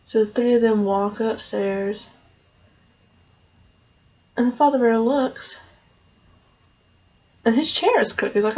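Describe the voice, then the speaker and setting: A woman with a fairly high, husky voice retells a fairy tale in a loose, chatty way. The recording is muffled and lo-fi. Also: takes it slowly, pauses often, a little mellow. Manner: loose, conversational retelling with fillers. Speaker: storyteller. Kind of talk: casual story retelling. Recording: dull lo-fi recording.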